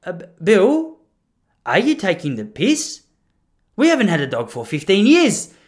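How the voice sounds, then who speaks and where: Sharp-tongued old grandma, fed up and blunt, voice pitched high, as a man puts her on. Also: quick pace. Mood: exasperated. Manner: blunt, exasperated.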